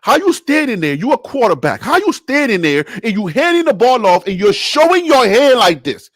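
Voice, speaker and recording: A man from Liberia ranting about a football game in an animated, theatrical way, acting out plays as he talks. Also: very high-pitched, moderate pace, no echo, clean studio sound. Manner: animated, theatrical, acts out plays with sound effects. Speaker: sports commentator vlogger. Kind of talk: ranting sports commentary.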